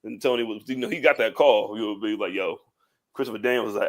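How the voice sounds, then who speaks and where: A man's voice: fairly low pitch, fast talker. A man co-hosting a wrestling podcast in loose, profane, laughing casual chat. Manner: animated, profane, laughs often. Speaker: podcast co-host.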